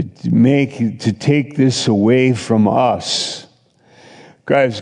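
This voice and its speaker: A middle-aged male pastor preaching in an unhurried, conversational style. His voice is mellow and low-key, and it rings out in a hall with a long reverb. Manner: conversational storytelling preacher, voices others in quotes. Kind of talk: sermon.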